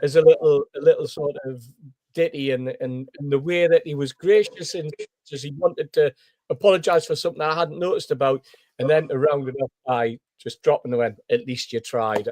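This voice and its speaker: A man's voice: on the high side, brisk, no room sound. A man tells a story on a fan podcast. He brings it to life by acting out the voices of the people in it. The recording is dry and close, with no room sound. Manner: animated storyteller, acts out quoted voices. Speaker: podcast panelist. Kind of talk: casual anecdote telling.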